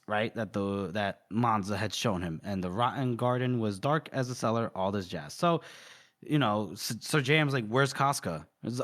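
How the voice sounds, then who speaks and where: A man co-hosting a podcast, casually retelling a novel's scenes with lots of fillers and quick quoted lines. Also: mid-range voice. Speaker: podcast co-host. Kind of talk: casual book-discussion chat, retelling scenes.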